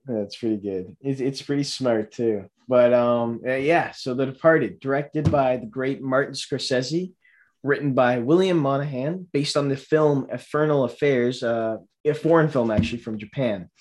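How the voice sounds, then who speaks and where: A man's voice: medium pitch, normal speed, darkish tone. A man co-hosting a casual movie podcast, rambling with lots of fillers and restarts. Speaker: podcast co-host.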